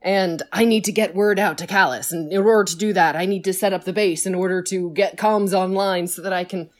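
A woman's voice: fairly low pitch, steady tone, a little fast, close to an everyday voice. A woman voicing an earnest, confused young man who thinks he is a spy, talking in a determined, slightly frantic way.

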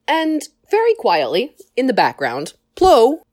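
Brief: woman storyteller, wry asides, lively melody, dry close sound. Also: fairly high pitch, dry recording. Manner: wry, animated, quick asides. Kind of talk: casual story retelling.

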